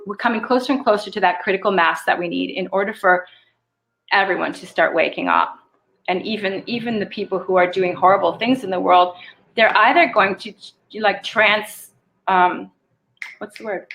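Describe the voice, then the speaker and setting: A woman's voice: mid-range voice, fairly bright tone. A woman channels spiritual guidance on a live stream and answers viewer questions one by one. She talks in a loose, conversational way, laughs easily and lets the odd swear word slip.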